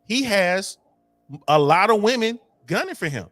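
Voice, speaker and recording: An animated man talks as a guest in a loose podcast chat. His voice sits a touch high, and the sound is dry and close. He leans on slang and trips over repeated words as he builds each point. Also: unhurried, no echo. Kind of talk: casual chat.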